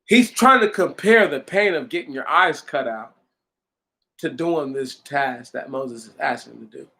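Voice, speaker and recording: A man reading Bible verses aloud deliberately and stopping for lively, slangy commentary. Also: a little high. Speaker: Bible study podcaster. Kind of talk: scripture reading with casual commentary.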